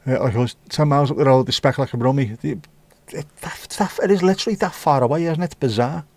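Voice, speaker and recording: A man's voice: mid-range voice, fast talker, a little mellow, no room sound. A British man hosting a casual livestream, reading out viewer comments and chatting about them in an opinionated, mildly profane way. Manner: reads viewer comments aloud and riffs on them. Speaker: livestream host.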